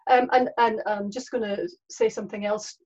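A woman's voice: fairly high pitch, fairly even intonation, moderate pace, a little mellow, lo-fi sound. A Scottish woman, a guest on a podcast, chatty in casual interview talk, with frequent ums. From Scotland. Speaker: guest, horse trainer.

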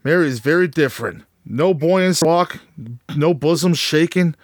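A man's voice: on the high side, measured pace, dry recording, clean studio sound. A man narrating a crude comedic script read-through, ad-libbing rude jokes, laughing and stumbling over words.

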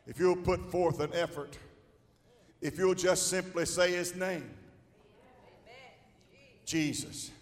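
A male pastor preaching a sermon to a congregation, building from slow, measured lines to shouted, drawn-out exclamations. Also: high-pitched, steady tone. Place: large church hall. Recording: long hall reverb.

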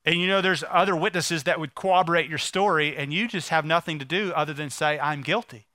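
A fast-talking pastor with a bright, high voice tells a story through his sermon, often dropping to a soft, hushed tone for tender moments. The recording is close and dry, with no room sound.

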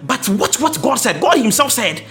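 A man preaching a sermon with impassioned, sing-song delivery, often rising to a shout. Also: very high voice, sing-song, moderate pace, faint music behind.

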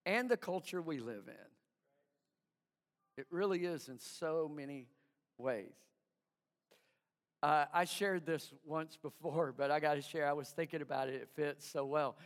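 A man preaching a sermon, telling a story with chuckles and halting restarts. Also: a little high, in a large hall. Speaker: pastor.

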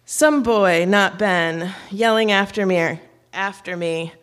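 A woman's voice: mid-range voice, takes it slowly. A woman on stage telling a personal story to an audience in a wry, self-mocking way, with light laughs.

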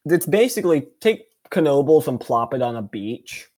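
A man co-hosting a casual podcast, chatting in a jokey, animated way with sudden excited jumps in pitch. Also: moderate pace. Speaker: podcast co-host. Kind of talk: casual chat.

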